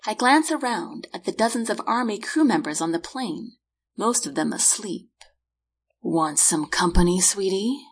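Woman author reading her novel, husky, medium pitch, measured first-person audiobook read. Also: very animated.

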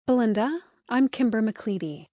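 A woman voicing a friendly, determined young heroine on a business trip, speaking politely and brightly in an audiobook. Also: a little high, animated, normal speed, no echo, clean studio sound.

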